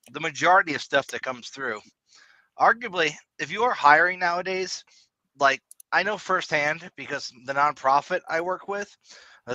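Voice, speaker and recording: A man co-hosting a casual tech podcast, talking in long, animated rambles and laughing often. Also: medium pitch, no echo, rough recording. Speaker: podcast co-host.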